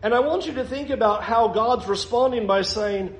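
A man's voice: sits high, moderate pace, few pauses, reverberant. A male pastor preaching a sermon in a conversational way, often chuckling as he makes his points.

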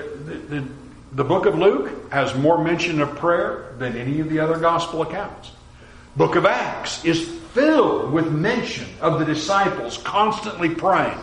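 A male preacher delivers his sermon with a high, very animated voice that leaps up and drops suddenly to a hush as he acts out quoted voices. The recording carries a roomy echo around him.

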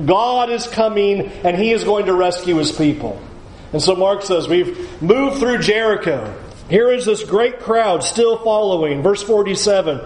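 A man's voice: sits high, lively intonation, normal speed, darkish tone, reverberant, low-quality recording. A male pastor preaching a sermon with emphasis, urging listeners to picture the scene.

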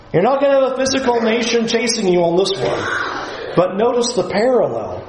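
A man preaching a sermon, earnest and emphatic, at times dropping to a low, quiet voice. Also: roomy sound, slight background noise, low-quality recording.

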